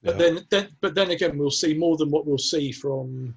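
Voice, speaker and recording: A man's voice: fairly high pitch, moderate pace, gravelly, slightly rough, muffled recording. A man in casual podcast chat, jokey, acting out little scenes as he talks. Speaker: podcast panelist.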